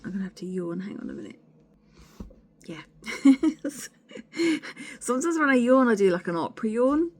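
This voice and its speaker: A woman vlogger chats candidly and casually to camera in a rambling, sweary, self-deprecating way. Her voice is lowish with a darkish tone.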